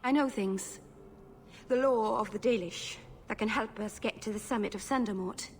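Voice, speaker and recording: Brief: a soft-spoken Welsh elf mage played by a woman, bashful and rambling, slightly high voice, faint hiss behind. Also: moderate pace, natural voice. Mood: earnest. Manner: awkward, trailing off. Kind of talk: video game dialogue.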